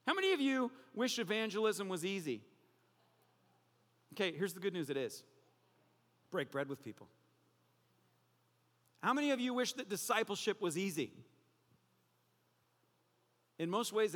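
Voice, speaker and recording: A pastor giving a sermon, an animated, joking storyteller who drops his voice low for emphasis. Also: long reverb tail.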